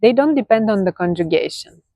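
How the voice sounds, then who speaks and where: A woman's voice: medium pitch, animated, fairly quick, no echo, highs cut off. A woman with a Bulgarian accent teaching a grammar lesson in English, patiently checking in with "okay?". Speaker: language teacher.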